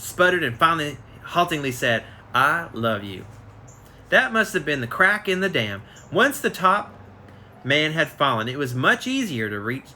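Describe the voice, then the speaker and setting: A man reads a book aloud over a phone live stream in a relaxed, unpolished way. His voice is very bright and sharp, with slips and restarts along the way. A faint hum of noise sits underneath. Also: a little high. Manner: reads aloud with frequent slips and self-corrections. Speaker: reader. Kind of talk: casual live reading of a biography.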